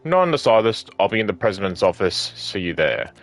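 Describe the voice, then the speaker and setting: A man's voice: fairly low pitch, very animated, brisk. A young man streaming a story game, reading dialogue and journal text aloud between jokes and swearing. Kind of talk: casual gameplay commentary and reading dialogue aloud.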